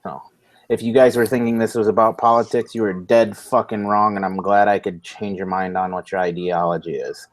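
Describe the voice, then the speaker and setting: A man's voice: lowish voice, level tone, brisk. A man hosting a casual online talk show, talking loosely with lots of swearing and jokes. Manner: loose, profane, joking, running on little sleep. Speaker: host of a vaping talk show. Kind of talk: casual chat.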